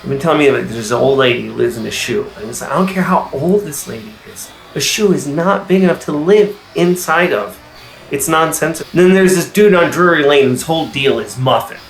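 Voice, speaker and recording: A man delivering absurd deadpan comedy bits that burst into sudden shouts. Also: a little high, fairly quick, soft background music, poor audio. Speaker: comedy sketch creator.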